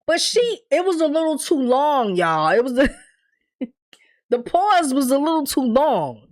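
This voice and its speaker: Lively, candid woman recapping a show. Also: high-pitched, normal speed. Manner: animated storytelling, acts out characters' lines; candid, swears freely. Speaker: TV recap reviewer. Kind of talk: casual recap commentary.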